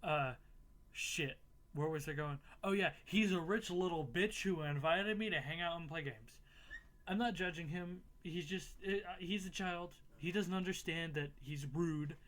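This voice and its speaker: A man's voice: fairly high pitch, unhurried, fairly bright tone. A young man casually recapping a game playthrough, swearing freely and laughing at himself. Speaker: gaming YouTuber.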